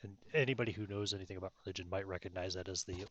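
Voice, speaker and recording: A man's voice: sits low, steady tone, rapid-fire, muffled recording, very noisy. A man running a tabletop game, chatting offhand and correcting himself as he talks. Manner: offhand, self-correcting, joking. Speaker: game master. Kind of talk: casual out-of-character chat.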